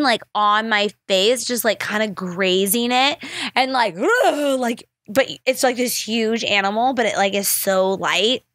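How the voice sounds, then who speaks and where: A woman hosting a podcast, telling stories in a casual, animated way, full of "like" fillers and swearing. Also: medium pitch, dry recording, clean studio sound. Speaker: podcast host. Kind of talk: casual storytelling chat.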